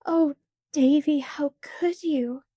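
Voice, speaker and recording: A woman voicing a gentle, imaginative young schoolteacher who speaks sorrowfully and earnestly. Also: high-pitched, moderate pace, dry recording, studio quality. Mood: tearful.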